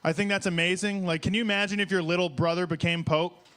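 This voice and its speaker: A young man from Detroit doing a profane, excitable, rambling stand-up set on stage at a small bar open mic. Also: high voice, fast talker, clear, resonant tone.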